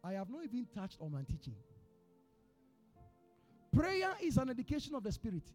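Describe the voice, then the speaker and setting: A Ghanaian pastor delivers a sermon in a high, very expressive voice that climbs and drops with his story. He drops to a near hush, then bursts out loud. Faint music sits underneath him in the church. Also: moderate pace. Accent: Ghanaian English. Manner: animated storyteller, swings from hushed to shouting.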